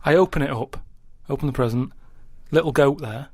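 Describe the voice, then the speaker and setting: A man in casual radio chat, talking in a deadpan, plodding way and keeping on asking "right?" as he reasons things through. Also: mid-range voice, a little fast, breathy edge, no room sound. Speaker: radio show regular. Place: radio studio.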